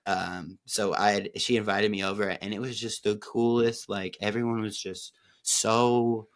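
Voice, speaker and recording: A man's voice: lowish voice, fairly even intonation, a little slow. A man from Oregon co-hosting a podcast, telling a personal story in a rambling, profane way with many fillers and restarts. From Oregon, USA. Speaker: podcast co-host.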